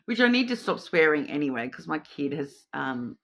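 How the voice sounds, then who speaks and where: A woman's voice: low voice, very animated, normal speed. A woman giving a casual intuitive card reading, chatty and rambling, often repeating her words. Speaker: tarot and oracle card reader.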